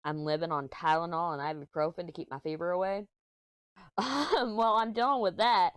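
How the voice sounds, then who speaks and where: A woman's voice: on the low side, a little fast, clear, resonant tone, no echo. A middle-aged woman vlogger chatting casually while she crafts, telling a rambling story and giggling often. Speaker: diamond painting vlogger.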